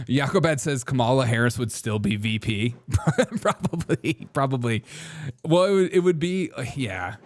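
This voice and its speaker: A man hosting a live political comedy show, reacting to clips with sarcastic, mocking commentary and frequent laughter. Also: mid-range voice.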